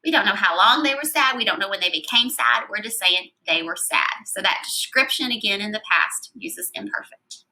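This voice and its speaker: A woman's voice: medium pitch, animated, moderate pace, hardly any pauses, bright, forceful tone, rough recording. A woman teaching a Spanish grammar lesson, explaining patiently step by step and reading out verb endings one at a time.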